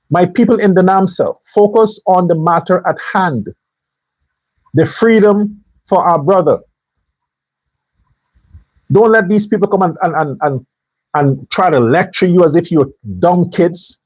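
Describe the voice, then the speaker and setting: A man's voice: sits high, normal speed, darkish tone, no echo, low-quality recording. A man delivering an angry, profane political commentary rant as a show host. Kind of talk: heated political commentary monologue.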